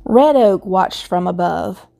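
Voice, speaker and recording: A woman reading a children's picture book aloud in a gentle, measured way. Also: medium pitch, animated, creaky. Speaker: storybook reader.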